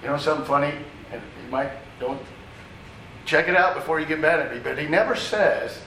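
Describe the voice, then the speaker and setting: A man's voice: on the high side, a little fast, bright, forceful tone, a little hiss or hum. A man preaching a sermon in a conversational, teaching way, with asides to the congregation. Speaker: pastor. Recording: echoey room, distant mic, faint ambience.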